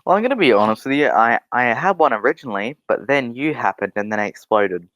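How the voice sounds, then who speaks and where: A man's voice: medium pitch, lively intonation, quick pace, fairly bright tone, dry recording. A young man in casual podcast chat, rambling and swearing, with many restarts. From Australia. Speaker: podcast guest.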